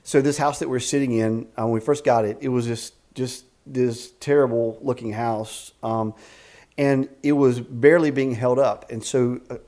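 Speaking at a moderate pace and middle pitch, a man in his fifties shares stories in a casual interview, his talk full of faith and his sentences frequently restarted with animation. He is the executive director of a ministry camp, recorded in a house at the rural camp.

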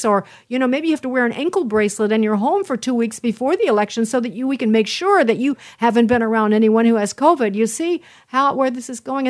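A woman host talking straight to her listeners in a casual monologue, telling stories with emphatic repetitions. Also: a little high. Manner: animated storytelling, emphatic repetitions.

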